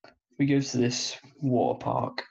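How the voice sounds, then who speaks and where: Young man, podcast co-host, gravelly, slow and hesitant, lo-fi recording. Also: big pitch swings, a little mellow. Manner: slow, low-key, hesitant. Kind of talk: casual storytelling chat.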